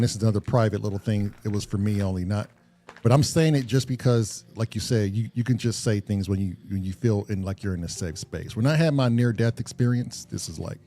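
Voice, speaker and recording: A podcast co-host with a lowish, mellow voice talks earnestly and reflectively, swearing casually and often restarting his sentences.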